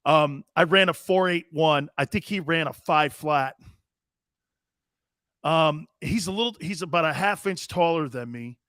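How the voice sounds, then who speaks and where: A man's voice: on the high side, a little slow, no room sound, studio quality. A man in his fifties hosting a sports talk show, telling boisterous, rambling anecdotes with emphatic restarts. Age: 50s. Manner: animated, emphatic storyteller.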